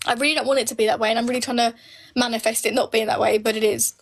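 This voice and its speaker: A woman's voice: fairly high pitch, steady tone, rapid-fire, vocal fry. Blunt, sweary woman streamer. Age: late 20s. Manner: blunt, opinionated, swears freely. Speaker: live streamer answering viewer comments. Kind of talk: casual live Q&A.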